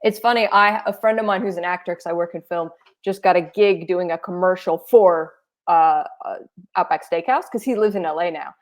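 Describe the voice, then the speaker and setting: A woman co-hosting a podcast in casual chat, telling stories in a lively, animated way. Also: fairly low pitch, fairly quick. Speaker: podcast co-host.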